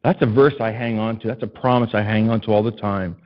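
A middle-aged man preaching a sermon as a pastor, telling a childhood story with animated storytelling and building to urgent repeated appeals. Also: lowish voice, quick pace, lo-fi sound. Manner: animated storytelling, acts out a child's panicked screams.

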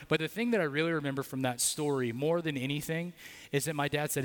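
A man's voice: a little high, fast, big-room sound. A man preaching a sermon in a church, telling a personal story with casual fillers and leading a prayer. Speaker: pastor. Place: church building.

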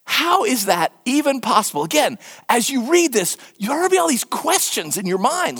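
A middle-aged preacher giving a conversational sermon, animated, full of rhetorical questions and wry humor. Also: medium pitch, normal speed, hardly any pauses, husky. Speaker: preacher teaching from scripture.

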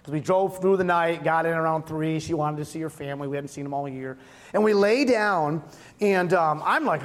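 A man's voice: a little high, moderate pace. A man in his thirties, a pastor, preaching a conversational sermon with emphatic repeated refrains. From Massachusetts.

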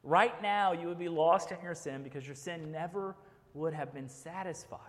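A man's voice: a little high, normal speed, fairly bright tone. A man preaching a sermon as pastor, earnest and direct, often checking in with "right?". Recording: long hall reverb.

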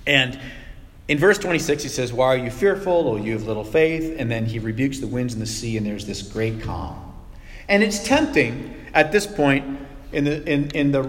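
Man preaching in a reverberant hall. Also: mid-range voice. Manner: conversational teaching with dramatic pauses and soft hushed quotes. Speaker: pastor. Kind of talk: sermon.

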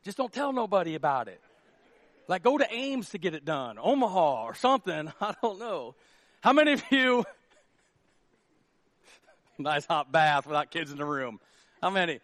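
A man's voice: on the high side, normal speed, long pauses, no room sound. A man, a pastor, preaching a casual, humorous sermon and acting out little scenes. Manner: animated, jokey, acts out quotes.

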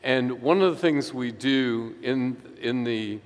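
Earnest man preaching in an echoey hall. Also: medium pitch. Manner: earnest, emphatic preaching with slow stressed phrases. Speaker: pastor. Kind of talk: sermon.

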